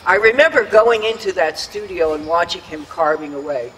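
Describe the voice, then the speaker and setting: At a public memorial dedication held outdoors, an older man reads an earnest, prepared speech, recalling old times and voicing the people he quotes. His high-pitched, slightly bright voice moves at normal speed. The rough recording has a long reverb tail and slight background noise.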